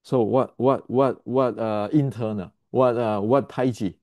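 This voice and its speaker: Man teaching martial arts, blunt and emphatic, repeats himself, clears his throat, warm dark tone, dry close sound. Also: medium pitch, steady tone, unhurried, dry recording. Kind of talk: explanatory lesson to camera.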